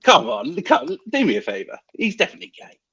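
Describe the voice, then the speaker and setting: A man co-hosting a podcast, curiously firing off quick questions. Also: high-pitched, huge pitch swings, gravelly, sharp tone, breathy edge, no echo, muffled recording. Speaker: podcast co-host. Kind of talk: casual podcast chat.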